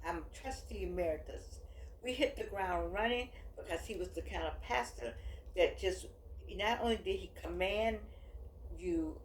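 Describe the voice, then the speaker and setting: Rambling woman in her eighties, echoey room. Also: lowish voice. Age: 80s. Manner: rambling, emphatic, with frequent restarts. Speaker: author and vlogger. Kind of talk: casual reflective monologue. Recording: echoey room with faint background noise.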